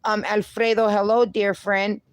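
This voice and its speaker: A young woman chats slowly and easily on a casual livestream, reading out viewer comments and cheering people on with a laugh and a bit of swearing. Her voice sits at an ordinary middle pitch and sounds dry and close, with no room around it. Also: level tone, no room sound. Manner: upbeat, encouraging, laughs often, mild swearing. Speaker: livestream host.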